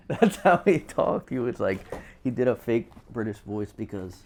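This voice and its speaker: A man's voice: mid-range voice, sing-song, unhurried, gravelly, darkish tone, slight background noise. A man guesting on a talk show, laid-back and hesitant with a wry edge. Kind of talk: casual chat.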